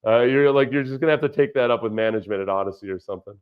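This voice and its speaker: Racing along in a mid-range voice with a clear, resonant tone, an ex-football player hosts a casual football livestream, rambling and reacting to viewer chat. He's on a studio dynamic mic through a budget audio interface, and the stream audio is dull, lo-fi, and prone to dropouts.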